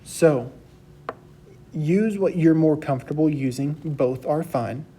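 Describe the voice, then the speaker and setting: Patient man drilling letters, mellow voice. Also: fairly high pitch, slow pace, a little hiss or hum. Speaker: teacher. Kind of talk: recorded class lecture.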